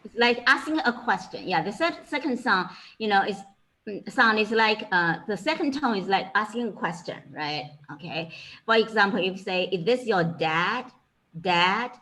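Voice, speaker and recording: A woman's voice: medium pitch, expressive, moderate pace, pushed and bright, low-quality recording. A woman with a Chinese accent, a Chinese language teacher giving an informal lecture, filling her talk with "you know" and "okay".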